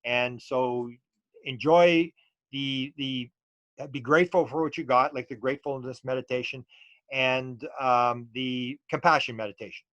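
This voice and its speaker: A man's voice: medium pitch, fairly even intonation, measured pace, a bit bright, dry recording, muffled recording. A middle-aged man, a UFO researcher talking as an interview guest and telling stories loosely with many restarts and fillers. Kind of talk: casual storytelling interview.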